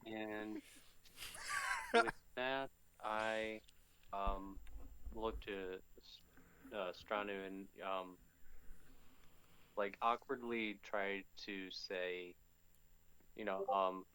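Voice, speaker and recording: A man's voice: fairly low pitch, steady tone, drawn-out words, pauses often, sharp tone, clean tone, poor audio. A man playing a tabletop role-playing game, speaking hesitantly with many fillers. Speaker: player.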